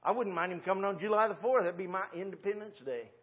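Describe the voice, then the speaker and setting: A pastor in his sixties speaks fast in a high-pitched voice, the highs cut off, while preaching in a church sanctuary. His folksy, conversational sermon is packed with rhetorical questions.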